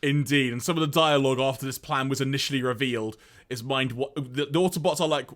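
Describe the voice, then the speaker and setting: A man co-hosting a podcast, recapping an episode in a casual, animated way and reading out lines. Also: mid-range voice, fairly quick. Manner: animated storyteller, reads out lines, laughs often. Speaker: podcast co-host.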